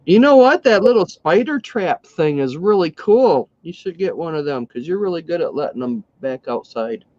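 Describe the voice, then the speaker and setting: Lively easygoing man. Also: fairly high pitch, normal speed, dry recording. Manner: easygoing, laughs often. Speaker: livestream co-host. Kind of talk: casual chat while crafting. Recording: lo-fi livestream audio.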